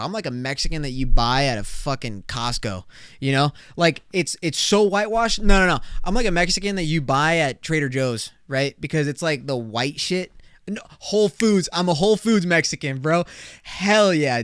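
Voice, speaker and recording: Excitable young man, crude rambling chat. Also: a little high, smooth, no echo, clean studio sound. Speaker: podcast host. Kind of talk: casual solo podcast chat.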